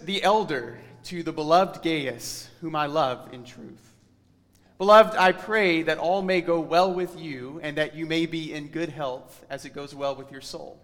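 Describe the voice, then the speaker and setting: A man preaching a sermon in an earnest, emphatic way, slowing down to read scripture aloud. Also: fairly high pitch, a bit bright, in a large hall.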